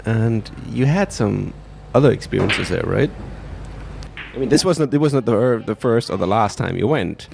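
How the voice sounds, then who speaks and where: A man's voice: fairly low pitch, animated, normal speed, gravelly, noisy background. A man interviewing a guest with short, probing follow-up questions.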